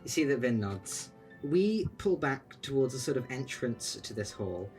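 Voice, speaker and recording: Relaxed male game master narrating, light background music. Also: medium pitch, unhurried. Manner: relaxed, descriptive, with fillers.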